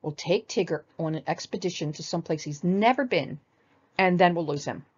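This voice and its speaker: A woman's voice: on the low side, normal speed, slightly rough, lo-fi sound. A woman doing a fussy, scheming storybook rabbit. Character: fussy, scheming male rabbit, bossy and excitable. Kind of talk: storybook read-aloud.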